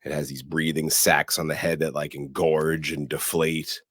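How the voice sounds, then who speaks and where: A man co-hosting a podcast, recapping a film in a casual, animated way and punctuating the story with sound words. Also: extremely low pitch, moderate pace, dry recording, studio quality. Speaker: podcast co-host.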